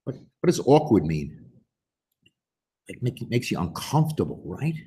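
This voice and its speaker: A man reading a picture book aloud to children, expressive and pausing to ask questions. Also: medium pitch. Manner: expressive, slow and animated, asks the listener questions. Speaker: storyteller.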